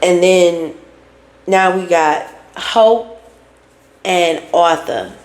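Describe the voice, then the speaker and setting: A woman on the low side draws out her words while casually summarizing a reality show. Playing out both sides of the scenes, she breaks into song now and then, and the recording has a noticeable echo.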